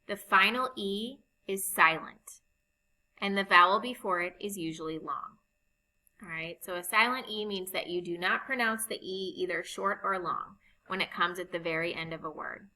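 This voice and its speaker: Woman teacher going over phonics rules, bright clear voice, slow and patient. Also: mid-range voice, poor audio. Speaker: reading teacher. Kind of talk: recorded phonics lesson.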